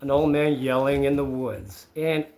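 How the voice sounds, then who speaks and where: A man with a Maine accent telling a story in casual chat, loud and excitable, swearing freely. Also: mid-range voice, normal speed, gravelly, slight background noise. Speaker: witness telling his story.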